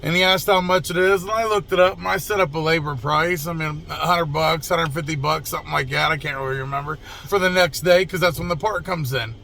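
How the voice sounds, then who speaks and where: Profane, gravelly-voiced man telling a story. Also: on the high side, steady tone, a little fast, hardly any pauses, bright, forceful tone, a little hiss or hum. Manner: profane, blunt and conversational. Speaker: mobile mechanic and channel host. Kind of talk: casual storytelling to camera.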